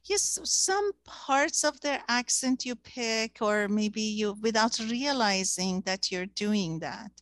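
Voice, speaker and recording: A woman's voice: on the high side, animated, slow pace, hardly any pauses, a bit bright, dry recording. Woman w/ persian first language, chatting thoughtfully, lots of ums, dry close sound. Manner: thoughtful, searching for words with many fillers. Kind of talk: casual discussion.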